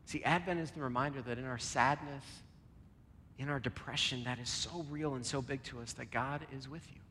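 A man preaching a sermon and leading a closing prayer, earnest, moving between loud emphasis and a soft near-whisper. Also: medium pitch, normal speed, slight background noise. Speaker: pastor. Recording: long reverb, soft guitar behind.

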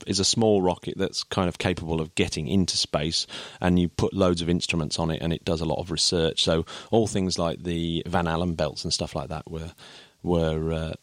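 Deep-voiced man explaining casually. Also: fairly even intonation, brisk, few pauses, no room sound. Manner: rambling, self-correcting, chuckles often. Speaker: podcast co-host.

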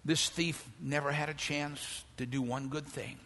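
An older man preaching a dramatic sermon in church, dropping to hushed tones and building to loud calls for praise. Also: fairly high pitch, fairly even intonation, measured pace, long reverb tail. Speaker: pastor.

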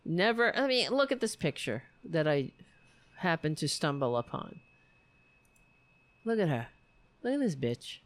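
A woman's voice: low-pitched, lively intonation, a little slow, no room sound. A woman hosting a political livestream, ranting casually with profanity and sarcasm.

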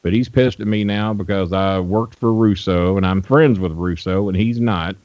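A man's voice: low-pitched, moderate pace, no echo. An older man telling long, blunt stories as a guest on a radio show, with lots of fillers and restarts. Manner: rambling, blunt storyteller with frequent fillers. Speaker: guest wrestling manager. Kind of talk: storytelling in a radio interview. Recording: dull, dry lo-fi radio audio.

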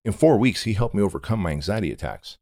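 Guest: middle-aged man from Armenia, deep gravelly voice, blunt and intense, dry close sound. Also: lively intonation, fast, warm tone, no echo. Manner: intense and blunt, casual swearing. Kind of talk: candid storytelling interview.

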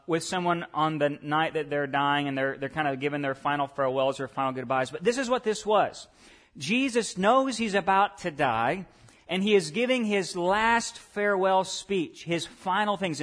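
Man preaching, rising and falling. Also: high voice. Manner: swings between soft asides and raised emphatic preaching; talks to the congregation directly with questions. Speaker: pastor. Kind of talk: sermon. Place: church.

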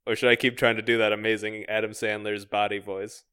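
A man's voice: on the low side, flat delivery, a little fast, sharp tone, clear, resonant tone. A man co-hosting a comedy podcast, riffing through an improvised scene and laughing often.

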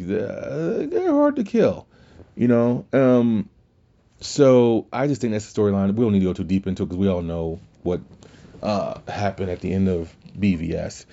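A man's voice: on the low side, dark tone, lo-fi sound. A man hosting a podcast, rambling and swearing in casual talk with many restarts. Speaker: podcast host.

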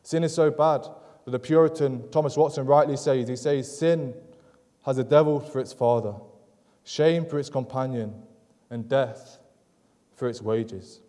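A man preaching a sermon in an earnest, measured way, driving points home through repetition. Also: mid-range voice, warm tone, in a large hall. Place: church sanctuary.

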